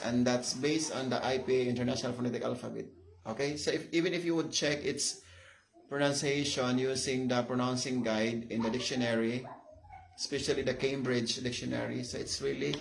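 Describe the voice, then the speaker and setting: A man's voice: medium pitch, fairly even intonation, moderate pace, gravelly, slight background noise. A man with a Filipino accent giving a casual vlog lesson on English pronunciation, patiently explaining and repeating words and spelling them out.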